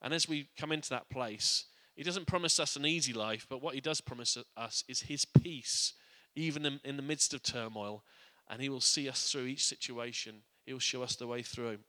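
A man preaches a sermon in a church, his medium-pitched voice very bright and forward as long reverb rings around the hall. At a moderate pace with few pauses, he speaks earnestly, often restarting and repeating words, and drops quiet and soft on his reflective points.

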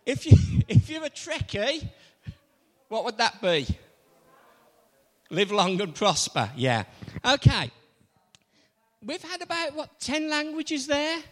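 A man leads an interactive sermon, teasing and quizzing his congregation. His voice sits high and swoops animatedly, while his unhurried pace leaves room for answers. Long reverb from the church hall trails every phrase. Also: very animated, a bit bright. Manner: playful, quizzing the audience. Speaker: preacher.

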